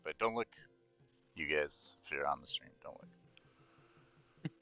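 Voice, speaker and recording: A man's voice: very deep voice, lively intonation, normal speed, creaky, pushed and bright, no room sound, faint music behind. A man running a tabletop game as dungeon master on a livestream, chatting casually and reading scene narration. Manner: casual, thinking aloud between scripted narration.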